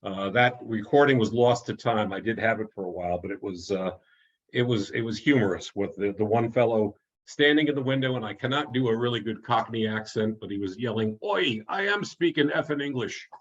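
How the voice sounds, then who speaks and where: A man's voice: on the low side, fairly quick, dull audio. A man giving an online talk as an author, telling anecdotes in a chatty way, often restarting and chuckling at his own stories.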